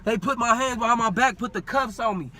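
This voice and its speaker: A man telling a story in casual talk, animated and full of street slang, acting out what people said. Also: very high voice, a little fast. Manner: animated, acts out quoted dialogue, street slang. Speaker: podcast guest.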